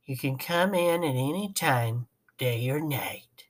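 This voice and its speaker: A woman voicing a slow, breathy woman steakhouse owner in a mock ad. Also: very deep voice, expressive, heavily acted. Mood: sultry. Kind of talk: mock advertisement.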